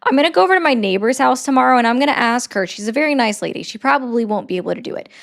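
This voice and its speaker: Lady, kinda high voice, keeps hammering the same question in a political argument. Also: lively intonation, racing, gravelly, a bit bright. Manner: persistent, pressing questions. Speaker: political commentator. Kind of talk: heated political debate.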